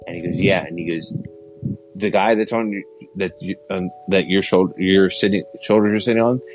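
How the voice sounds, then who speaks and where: Earnest low-voiced man talking sports. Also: fairly even intonation, brisk, faint music behind, low-quality recording. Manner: earnest, rambling, emphatic. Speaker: podcast host. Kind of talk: casual sports chat.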